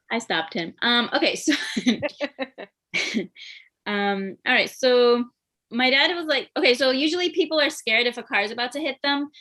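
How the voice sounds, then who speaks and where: A young woman tells stand-up jokes in a bright, lightly high voice. She stumbles through ums and giggles at her own lines as she goes. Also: a little slow, long pauses. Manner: hesitant, laughs between jokes, many ums. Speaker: stand-up comic. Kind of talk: stand-up comedy set. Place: comedy show stream.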